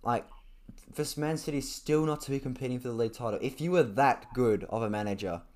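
A young man chatting casually about football, rambling with lots of fillers and restarts, his throat dry and often cleared. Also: mid-range voice, a little fast, a little mellow. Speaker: football podcast co-host. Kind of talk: casual chat.

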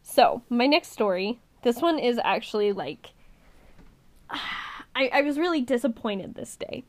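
A woman with a fairly high voice swaps stories about her prison work with her co-host. She is chatty and laughs easily, recorded close with a dry, roomless sound. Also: lively intonation, slow pace, dry recording. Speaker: podcast co-host, former prison officer. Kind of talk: casual storytelling chat.

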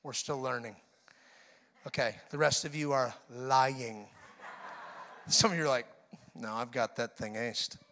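A man preaching a sermon in an animated, joking way, acting out voices with sudden loud outbursts. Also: mid-range voice, a little slow, pauses often. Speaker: pastor.

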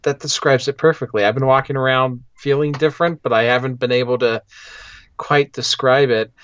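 Man podcast co-host, deadpan wry chatter, muffled lo-fi dry recording. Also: medium pitch, fairly quick, clean tone, dry recording. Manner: dry, wry humor, with fillers. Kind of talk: casual podcast chat.

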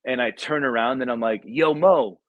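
A man's voice: medium pitch, moderate pace, dry recording, phone-quality sound. A young man hosting a podcast, telling stories in casual, profane slang with many fillers. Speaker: podcast host. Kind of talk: casual chat.

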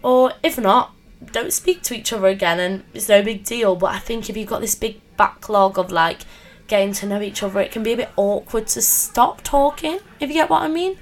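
A young woman, telling dating stories in a chatty, animated way with lots of fillers. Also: mid-range voice, a little fast. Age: 20s. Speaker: podcast host. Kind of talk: casual storytelling chat.

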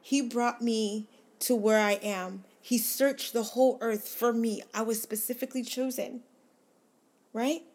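Slow, flat-voiced woman reading scripture. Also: a little high. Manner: slow, earnest, gently emphatic reading. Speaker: devotional host. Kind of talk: scripture reading and devotional reflection.

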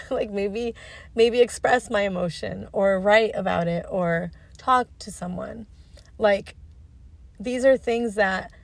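A woman in her thirties talks alone into her podcast mic, earnest and reflective. Her voice sits fairly low with a gravelly fry, and she circles her thoughts with fillers and restarts. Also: darkish tone. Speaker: podcast host. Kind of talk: reflective solo podcast monologue.

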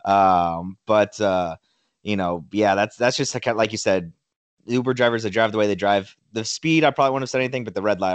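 Easygoing young male co-host, low voice, hedging, dry studio sound. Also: brisk, smooth, no echo, muffled recording. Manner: laid-back, hedging, trails off quietly. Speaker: podcast co-host. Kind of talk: casual sports podcast chat.

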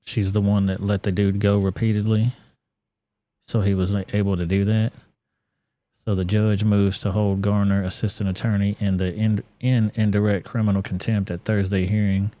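A man's voice: fairly low pitch, little pitch movement, normal speed, warm tone. A man hosting a live stream, commenting casually and with plenty of profanity. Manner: casual and profane, loose with fillers.

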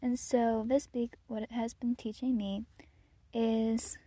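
A chatty teenage girl talks on her own podcast, her voice a bit higher than most women's and mellow in tone. She gushes and scatters "like" through her sentences. The sound is dry and close. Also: flat delivery, slow, husky, dry recording. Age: teens. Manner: chatty and gushing, with frequent "like" and soft laughs. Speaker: podcast host. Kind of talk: casual solo podcast chat.

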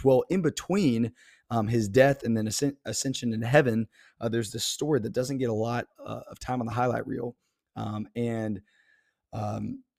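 A man's voice: medium pitch, a little mellow, dry recording, clean studio sound. Earnest young man preaching on a podcast. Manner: earnest, many fillers and restarts, laughs to himself. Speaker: podcast host. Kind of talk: faith talk on a podcast.

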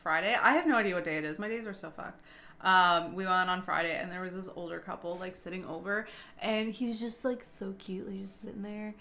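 A young woman talks casually as a podcast co-host. She trails off and hunts for the right word. Her voice is bright and forward. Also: fairly low pitch, fairly even intonation, fairly quick, gravelly. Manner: chatty, trails off mid-sentence searching for words. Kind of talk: casual chat.

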